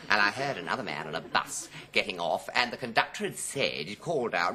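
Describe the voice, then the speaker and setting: A man's voice: medium pitch, sing-song, fast, few pauses, over a noisy crowd. A man in his fifties telling anecdotes as a TV interview guest, theatrical and full of put-on voices. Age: 50s. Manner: theatrical, swooping, acts out quoted voices. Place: television studio.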